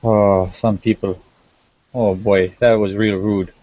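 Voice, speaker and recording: A man's voice: on the low side, little pitch movement, slow, no room sound, voice pushed down. A man voicing a folksy older male werewolf with a mild way of talking. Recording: dull lo-fi voice chat.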